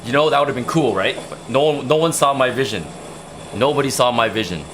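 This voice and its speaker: A man's voice: medium pitch, a little fast, background noise. A young man casually telling a rambling story to his livestream viewers, repeating himself as he goes. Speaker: livestream host.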